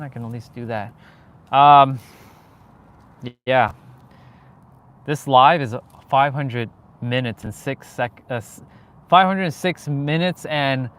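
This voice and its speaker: In a casual live stream, a young Canadian man rambles as he makes his way across a parking lot to his car, using lots of fillers and restarts. His voice is mid-range and a bit bright.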